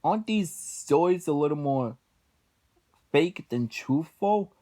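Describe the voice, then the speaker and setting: A crabby middle-aged cartoon restaurant owner grumbles in disbelief, as a man puts him on mid-review. The voice rises a little above the speaker's usual pitch. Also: lively intonation, slow pace, dark tone. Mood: indignant.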